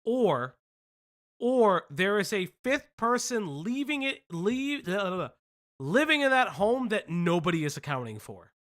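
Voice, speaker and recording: A man's voice: high-pitched, sing-song, a little slow, a bit bright. A man hosting a casual commentary stream, rambling, laughing often and swearing.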